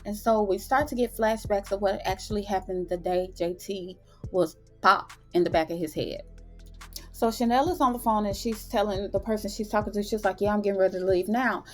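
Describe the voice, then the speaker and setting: A woman's voice: mid-range voice, moderate pace, soft background music. A woman hosting her own review channel, chatting through a TV episode recap with dramatic retellings and slangy asides. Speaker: TV and film review channel host.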